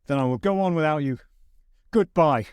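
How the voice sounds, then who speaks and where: A man voicing a brave young soldier in an audiobook, speaking urgently and higher than his narration. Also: animated, moderate pace, a little mellow, smooth, no room sound, studio quality, lightly acted.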